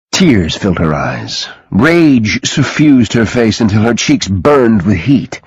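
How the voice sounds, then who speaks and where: A man reading an audiobook in a dramatic, expressive way, close to the mic. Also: lowish voice, measured pace, few pauses, slightly rough, no room sound, rough recording. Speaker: audiobook narrator. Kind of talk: scripted audiobook narration.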